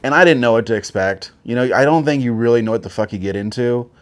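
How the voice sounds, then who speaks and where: This forties-aged man, a former Marine appearing as a guest, talks fast and smoothly at a medium pitch. His telling is loose and profane, packed with fillers and digressions.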